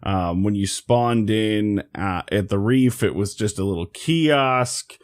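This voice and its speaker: A man co-hosting a gaming podcast, speaking earnestly with frequent pauses and fillers. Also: fairly low pitch, no echo. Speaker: podcast co-host. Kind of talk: casual gaming podcast chat.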